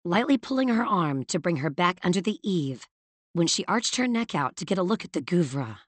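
A woman narrates a novel in a measured, even manner with a lowish voice. Her reading is steady and close to the mic. The sound is dry, with no room echo. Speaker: audiobook narrator. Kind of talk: scripted narration.

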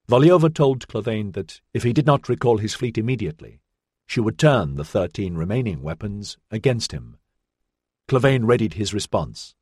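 A man narrating an audiobook in a steady, even storytelling manner. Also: lowish voice, breathy edge, no room sound, clean studio sound.

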